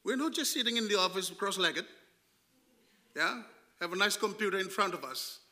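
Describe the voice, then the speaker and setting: A man with a high, very bright and ringing voice preaches a storytelling sermon. He swings between hushed, drawn-out lines and loud, emphatic bursts, and often asks his listeners rhetorical questions. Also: animated. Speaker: pastor.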